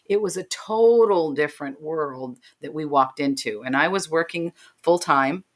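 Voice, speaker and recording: Low-voiced middle-aged woman telling a story. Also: a little slow. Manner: vivid, emotional, acts out quoted voices. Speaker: podcast guest. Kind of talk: personal storytelling.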